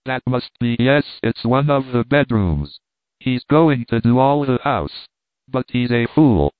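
A man reading the part of a worried, quick-thinking man speaking urgently, on a tinny, dry line. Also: medium pitch, animated, dry recording, lightly acted. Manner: urgent, muttering. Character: Kemp, worried, sharp-minded man.

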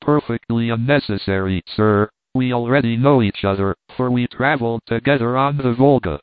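A man's voice: mid-range voice, normal speed, smooth, dry recording, natural voice. A man voicing a firm, resolute young male courier, heard over a tinny, dry, phone-like recording.

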